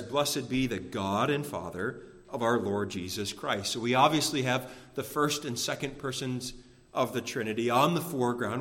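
A man preaching a sermon to his congregation, measured and emphatic, slowing down to stress key phrases. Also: mid-range voice, fairly bright tone. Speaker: pastor. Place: church sanctuary. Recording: long reverb of a church hall.

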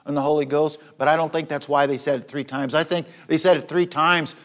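A man preaching a sermon, rising to loud, high repetitions and dropping to soft, low passages, often restarting his phrases. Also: steady tone, fairly quick. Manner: repeats words and restarts phrases.

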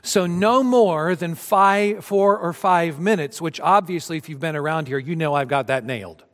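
A man's voice: moderate pace, a bit bright. A man in his fifties, a pastor preaching a sermon to his congregation and reading scripture with dramatic rises and drops. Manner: dramatic scripture reading, rising for cries and dropping low. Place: church sanctuary. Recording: long reverb of a church hall.

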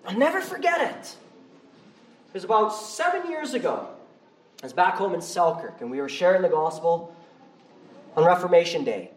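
A male pastor preaching a sermon in a church, conversational and animated. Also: high-pitched, moderate pace, long pauses. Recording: roomy, from far off the mic.

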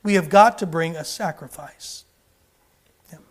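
A man's voice: on the high side, a little slow, slight background noise. A man preaching a sermon, driving his points with emphatic repetition and rhetorical questions.

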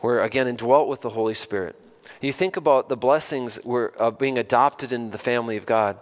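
At a brisk pace, a medium-pitched male pastor delivers his sermon like a conversation. Repetition and pointed questions to the audience lead into forceful, emphatic stresses.

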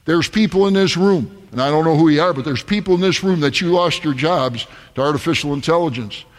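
A man's voice: on the high side, brisk. A man preaching at a rally, addressing his audience as folks in an emphatic, urgent manner. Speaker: pastor. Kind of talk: rally sermon. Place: large hall with audience. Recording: long hall reverb, faint music.

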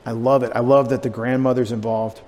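A pastor giving a conversational, digressive sermon, with asides and restarts. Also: male voice, mid-range voice, little pitch movement, fairly quick, darkish tone. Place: church sanctuary. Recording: long church reverb, faint room noise.

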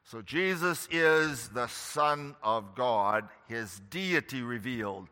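A man preaching a sermon slowly and emphatically, pressing hard on key words. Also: mid-range voice, lively intonation, bright, forceful tone, clean tone, big-room sound. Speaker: pastor.

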